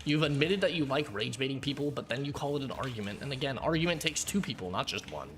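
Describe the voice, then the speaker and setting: A man's voice: mid-range voice, animated, fast, fairly bright tone, slight background noise. A man streaming a game, ranting angrily at a viewer in a blunt, profane, lecturing way. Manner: lectures in a hammering, repetitive way. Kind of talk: heated rant at a chat viewer.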